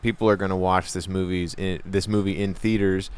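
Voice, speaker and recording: A man's voice: low voice, little pitch movement, a little fast, clear, resonant tone. A man co-hosting a comedy podcast, chatting casually and jokily, often restarting his sentences as he rambles. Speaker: podcast co-host.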